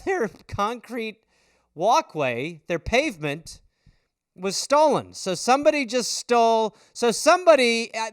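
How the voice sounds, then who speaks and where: Animated high-voiced man riffing comedy. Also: clean tone, no echo, clean studio sound. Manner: animated, swearing, jumps into quick character voices. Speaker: comedy podcast host. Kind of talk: improvised stand-up riffing.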